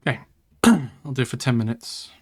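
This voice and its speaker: A man's voice: medium pitch, lively intonation, normal speed. A man hosting a let's play, commenting as he plays, swearing a lot and muttering in exasperation, with chatty asides to the viewer. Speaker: gaming channel host.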